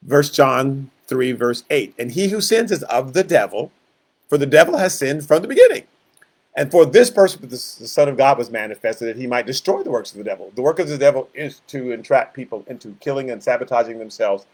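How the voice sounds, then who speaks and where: Guy teaching bible study, kinda high voice, gets loud then quiet, does little voices for the people he quotes. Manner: animated, acts out quoted voices, shifts loud and soft.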